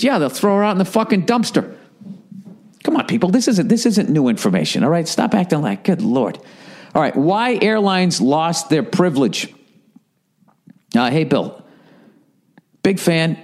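In this rambling solo podcast, the middle-aged host rants with sarcasm and swearing, reading out listener emails and tossing in asides as he goes. His pitch is high with big swings, delivered at a normal speed.

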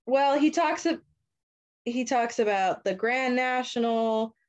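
A woman's voice: on the high side, highs cut off. A young woman in casual chat, retelling a story in a loose, profane way and briefly acting out the characters' lines. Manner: casual, profane, acts out characters in quick voices. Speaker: podcast host retelling a story.

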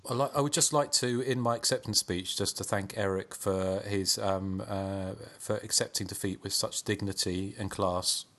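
A man in a casual podcast quiz, talking haltingly with wry, teasing remarks. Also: fairly low pitch, fairly even intonation, fairly bright tone. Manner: hesitant, wry, halting restarts. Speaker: podcast co-host, quiz contestant.

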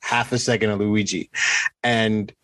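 A man co-hosting a casual chat, speaking in a hesitant, measured way with many ums and restarts. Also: on the low side, little pitch movement, a bit bright, no room sound. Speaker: podcast co-host.

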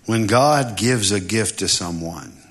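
A man preaching a sermon in a lively, humorous way, often acting out voices. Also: on the low side, slow, breathy edge. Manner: animated, humorous, acts out voices.

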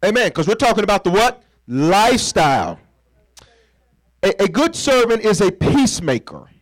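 A high-voiced pastor preaches with great animation at normal speed, using call-and-response to have the congregation fill in his words. He keeps it playful and conversational, acting out small scenes. The audio is poor, though free of echo.

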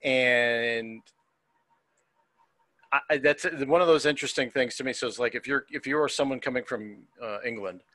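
An American man hosting a podcast, relaxed and easy to laugh in casual chat. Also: medium pitch, moderate pace, dry recording. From United States. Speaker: host.

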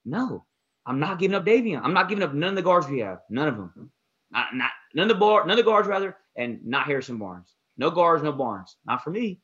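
Fast-talking husky man on sports. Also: a little high, very animated, fairly bright tone, lo-fi sound. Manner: rapid, emphatic, repeats "most importantly". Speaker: podcast co-host, basketball analyst. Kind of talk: casual sports talk.

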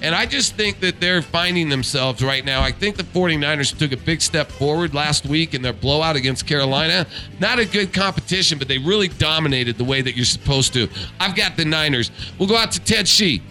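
A man hosting a casual sports radio segment on betting picks, excitable and quick to laugh. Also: on the high side, faint music behind.

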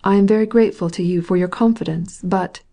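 A cold, formal husband who speaks stiffly and with awkward restraint, as a woman narrator reads him. He says little and keeps his feelings under tight control. The delivery stays mellow and even. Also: mid-range voice, fast talker, lightly acted. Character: cold, formal middle-aged husband, a man.

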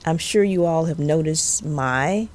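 A woman's voice: low-pitched, a little slow, a little mellow. A woman in her fifties with a northern Louisiana Southern accent, hosting a podcast in an earnest, preacherly way with emphatic repetition. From Louisiana, USA. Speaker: podcast host, civil rights attorney. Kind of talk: earnest motivational podcast talk.

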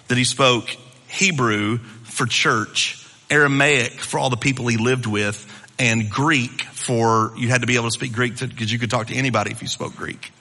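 Male preacher, conversational and animated, bright and forceful, long hall reverb. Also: medium pitch. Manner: animated, conversational teaching with asides. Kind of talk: sermon.

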